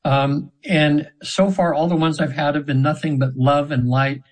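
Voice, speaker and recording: A man's voice: on the high side, fairly even intonation, normal speed, rough recording. A man in his seventies, an interview guest, telling his session stories in an earnest, meandering way with many restarts. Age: 70s. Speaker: hypnotherapy practitioner, guest. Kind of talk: casual storytelling interview.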